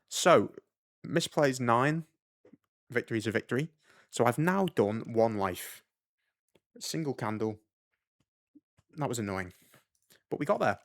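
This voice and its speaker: A man's voice: medium pitch, lively intonation, moderate pace, vocal fry, long pauses, fairly bright tone. A man giving casual gameplay commentary as a let's play host, muttering his moves to himself, upbeat, with the odd swear.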